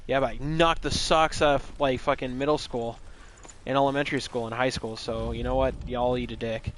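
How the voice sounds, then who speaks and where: A man's voice: medium pitch, fairly even intonation, moderate pace, slight background noise. A man streaming a game live, retelling a story in a loose, rambling, joking way with plenty of swearing. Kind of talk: casual live gaming commentary.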